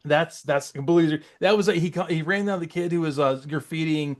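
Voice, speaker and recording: A man's voice: fairly high pitch, fairly quick. Man recapping a cartoon, acting out lines. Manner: laughs often, acts out characters' lines. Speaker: podcast co-host. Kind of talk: casual chat recapping a cartoon.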